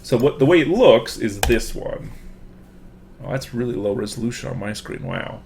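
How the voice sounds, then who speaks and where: A man's voice: mid-range voice, animated, normal speed, vocal fry, a little mellow, slight background noise. A man, a professor, giving a casual online lecture through a computer microphone, full of fillers and restarts.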